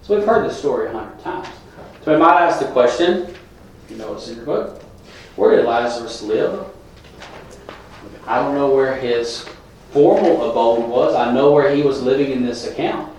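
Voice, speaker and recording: A man preaches in an easy, conversational way, speaking directly to his congregation. His voice sits at an ordinary middle pitch. It is recorded from some distance in a church hall with heavy echo and a faint hum behind it. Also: animated, normal speed, long pauses, a little mellow. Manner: plain conversational preaching, talking straight to the congregation. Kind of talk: sermon. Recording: very echoey room, from a distance.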